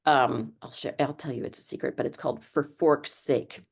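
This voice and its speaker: Low-voiced chatty woman author. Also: fairly even intonation, normal speed, creaky, husky. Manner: chatty, rambling with many fillers. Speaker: author guest. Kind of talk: casual interview chat.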